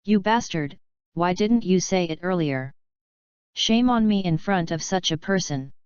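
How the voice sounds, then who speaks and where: A woman's voice: lowish voice, expressive, measured pace, darkish tone, clean tone, no room sound, muffled recording. A woman reading the lines of a hot-tempered male pirate captain who blusters angrily. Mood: angry. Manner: angry, blustering.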